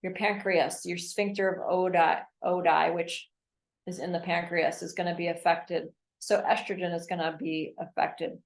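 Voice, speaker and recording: A woman's voice: fairly low pitch, level tone, moderate pace. A woman guest practitioner explaining health techniques step by step in a casual chat. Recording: roomy echo.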